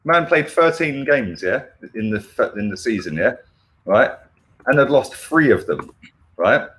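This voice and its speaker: A man's voice: mid-range voice, lively intonation, unhurried, a bit bright. An angry man hosting a heated football chat, swearing and constantly tagging "yeah? right?" onto his points. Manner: ranting, swears, keeps asking "yeah? right?". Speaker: football fan channel host.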